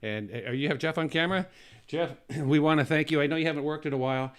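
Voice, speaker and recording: A man's voice: a little high, fast, clean tone. A man hosting a casual comedic talk show, rambling through jokes and stories with lots of restarts. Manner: rambling, joking storyteller with many restarts.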